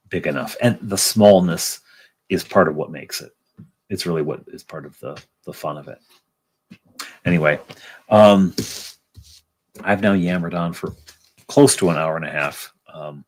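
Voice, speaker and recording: Casual rambling stream host, low husky voice, a man. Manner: rambling, lots of ums and restarts. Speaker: convention organizer and livestream host. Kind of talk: casual livestream chat.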